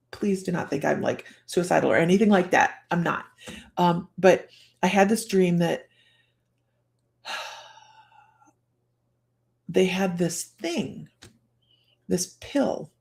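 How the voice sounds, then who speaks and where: Gravelly-voiced chatty woman psychic. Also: lowish voice, a little mellow. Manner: chatty and rambling, often breaking into laughter; restarts and trails off while telling a story. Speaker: psychic host of a live stream. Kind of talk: casual personal storytelling on a livestream.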